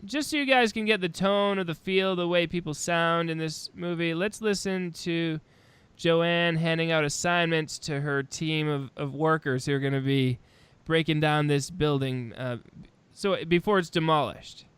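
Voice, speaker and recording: A man's voice: a little high, steady tone, measured pace, a bit bright, clean tone, no echo. A man hosting a casual podcast chat, recapping a horror film's plot and laughing often. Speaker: podcast host.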